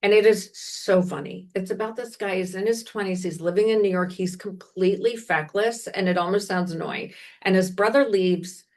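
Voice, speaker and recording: A woman from Washington, D.C., co-hosting a casual podcast. She chats about books at a medium pitch, rambling and often stopping to correct herself mid-sentence. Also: moderate pace. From Washington, D.C., United States. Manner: chatty and rambling, with frequent self-corrections. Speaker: podcast co-host recommending books. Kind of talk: casual chat.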